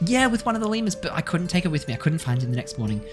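A woman voicing a chatty, excitable young girl airbender in a tabletop game, rambling with lots of "like". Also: fairly low pitch, rapid-fire, soft background music, pitched above the performer's own voice.

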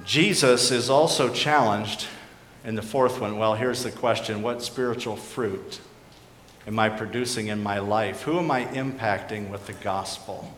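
A man preaching a sermon as pastor, earnest and questioning, dropping to quiet emphasis on key points. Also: on the low side, measured pace. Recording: echoey hall with faint background noise.

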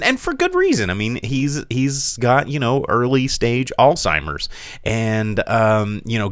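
A man's voice: fairly low pitch, clear, resonant tone, dry recording, clean studio sound. A man hosting a casual podcast chat, rambling through a film review with lots of fillers and a sarcastic, mocking edge. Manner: animated, mocking delivery.

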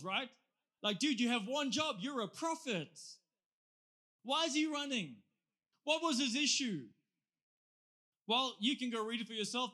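A man preaching a sermon in a lively, conversational way, often asking his listeners questions. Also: high voice.

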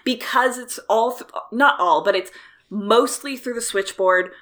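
Bright-voiced woman chatting about films. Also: on the high side, unhurried. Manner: animated, thinks aloud with many fillers. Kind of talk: casual film discussion.

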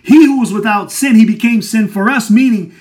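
A man whose voice sits high and a little mellow preaches a Bible teaching sermon at a fairly quick clip. He is emphatic, posing questions and then answering them himself.

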